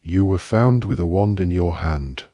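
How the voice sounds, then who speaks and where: Man doing a stern male ministry wizard, suspicious, interrogating, deep husky voice. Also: measured pace, darkish tone, dry recording, highs cut off.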